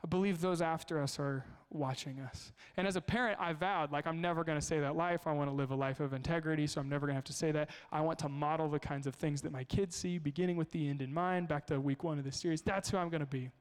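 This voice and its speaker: A man preaching a sermon as a pastor, telling stories in an animated way in a church. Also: on the high side, fast talker, hardly any pauses, smooth, long reverb tail. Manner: storytelling, animated.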